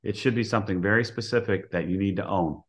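A man speaks as a guest on a casual coaching podcast, with a somewhat low voice. He explains drills and ideas in a plainspoken, step-by-step way. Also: quick pace, a bit bright.

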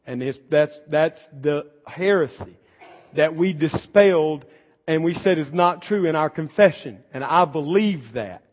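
A man preaching a sermon as pastor, building to shouted emphasis. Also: on the high side, a little slow. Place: church sanctuary. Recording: long church reverb, dull lo-fi sound.

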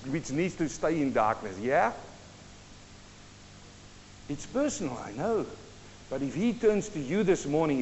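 A man preaching a fervent sermon to a church congregation, addressing them directly. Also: high-pitched. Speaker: pastor. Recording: dull echoey church recording.

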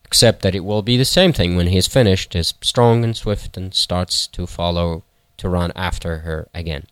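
A man retells a folktale, pausing and correcting himself as he goes. His voice is very deep and smooth, and the recording is close and dry. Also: fairly even intonation, no room sound. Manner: halting, with fillers and self-corrections. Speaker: storyteller.

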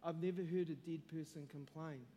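A man preaching a sermon and telling a testimony, moving from quiet storytelling to loud, shouted preaching. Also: on the high side, fairly even intonation, normal speed, slight background noise. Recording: long hall reverb.

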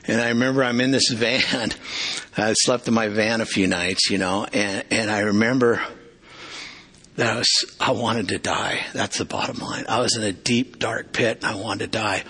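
Middle-aged male preacher, forceful low delivery, earnest, halting, confessional. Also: slightly rough. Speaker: preacher giving testimony. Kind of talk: testimony sermon.

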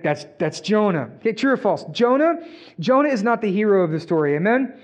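A pastor with a high voice delivers a conversational sermon, often asking his audience "right?" The sound is dull and muffled. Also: sing-song, a little fast.

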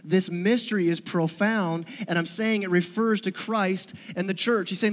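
A man's voice: high-pitched, steady tone, moderate pace, hardly any pauses, long reverb tail. A male pastor giving a sermon in a conversational, joking way, often asking the congregation questions. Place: church sanctuary.

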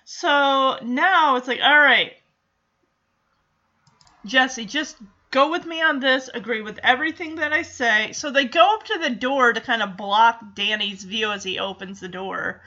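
High bright woman retelling a tv episode, acting out lines, kinda dull lo-fi audio. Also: a little slow. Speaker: TV episode recapper. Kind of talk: casual episode recap. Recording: dull lo-fi sound.

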